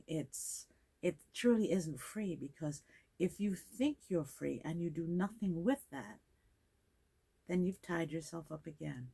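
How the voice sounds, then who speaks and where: Older woman, Caribbean British accent, very low voice; measured, reflective interview guest who acts out quotes. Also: a little mellow. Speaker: guest actress.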